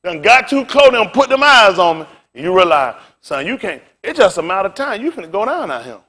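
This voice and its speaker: A middle-aged man, a pastor, preaching through a street story with animated, laughing bursts and loud exclaims. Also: sits high, fairly quick.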